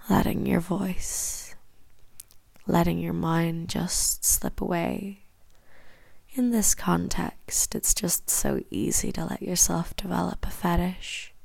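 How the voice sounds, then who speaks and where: A woman with an Irish accent giving a whispered hypnosis induction, repeating slow, soothing suggestions close to the mic. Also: on the low side, creaky, darkish tone, no room sound.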